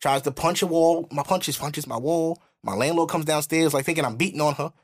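A man from New hosting a podcast, telling a story in animated, profane casual chat. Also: on the high side, a little fast. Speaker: podcast host.

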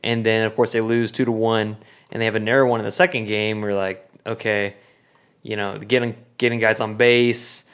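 A man's voice: fairly low pitch, brisk, clean tone. A man hosting a casual sports podcast, joking and steering the talk along. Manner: jokey, lively, steers the talk. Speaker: podcast host.

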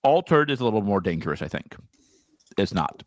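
Animated joking man, dry close sound. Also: lowish voice, fairly quick, no room sound. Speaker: podcast co-host. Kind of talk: casual chat.

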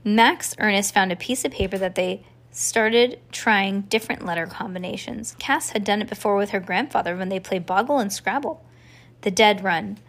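A woman reading a children's storybook aloud to a child, with a calm storytelling cadence. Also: mid-range voice, moderate pace, hardly any pauses. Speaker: reader to a child.

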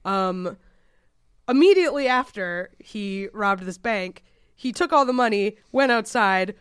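A woman's voice: medium pitch, expressive, a little slow, fairly bright tone, smooth, no room sound, clean studio sound. A woman co-hosting a casual podcast, still getting over a chest cold, telling a story in a chatty way full of fillers. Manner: chatty, lots of fillers, laughs while telling. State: recovering from a chest cold, prone to coughing. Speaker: podcast co-host.

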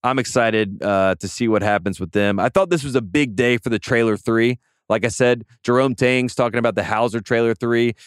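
Smooth-voiced enthusiastic sports podcast host. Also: male voice, mid-range voice, fairly quick, few pauses, no echo, clean studio sound. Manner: rambling, enthusiastic, repeats words often. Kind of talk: casual sports podcast chat. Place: studio.

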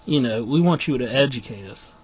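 Lively, jokey man co-hosting a podcast, muffled lo-fi sound. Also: mid-range voice, brisk. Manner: laughs often, jokey. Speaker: podcast co-host. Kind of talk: casual chat. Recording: dull lo-fi podcast audio.

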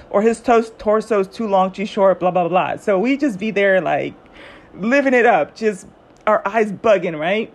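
A woman's voice: medium pitch, moderate pace. A young woman telling a personal story in a chatty monologue on her podcast. She acts out the quoted lines of the people in her story. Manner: chatty, animated retellings with quoted voices. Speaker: podcast host.

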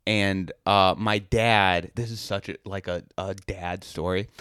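A man co-hosting a podcast, telling a relaxed, rambling story and swearing freely. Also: deep voice, slow, clean tone, no room sound, clean studio sound. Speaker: podcast co-host. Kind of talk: casual storytelling.

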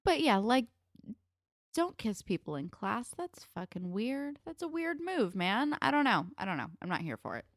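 A woman's voice: on the high side, very animated, moderate pace, no room sound, clean studio sound. A woman co-hosting a casual chat, opinionated and swearing freely as she recaps an episode. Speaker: podcast co-host.

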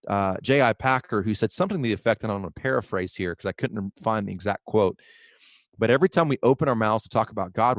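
Preaching on theology during a casual podcast, this male co-host talks sincerely about faith and reads out quotes, stumbling through many fillers and restarts. He has a mid-range voice, recorded without echo.

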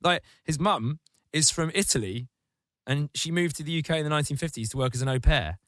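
A man's voice: a little high, a little fast, a bit bright, no room sound. A man in casual comedic podcast chat, ranting sardonically with crude, vivid insults.

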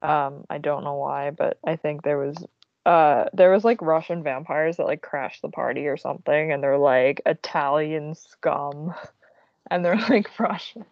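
A woman's voice: low voice, moderate pace, dry recording. A young woman co-hosting a podcast, making dry jokes and giving short agreeing replies in a casual chat. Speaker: podcast co-host. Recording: dull dry lo-fi recording.

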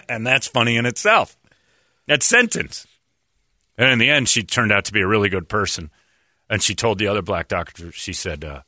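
Man, sarcastic radio-style rant, lively swooping pitch, bright forceful tone, dry close sound. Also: moderate pace, dry recording. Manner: mocking, exaggerated mimicry of others. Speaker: radio show host.

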